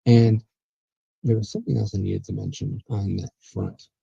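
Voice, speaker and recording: A man's voice: fairly low pitch, fairly even intonation, normal speed, vocal fry, dark tone, slightly rough, dry recording, lo-fi sound. A man hosting a political talk show, chatty and sarcastic, rambling with restarts. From USA. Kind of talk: casual political commentary.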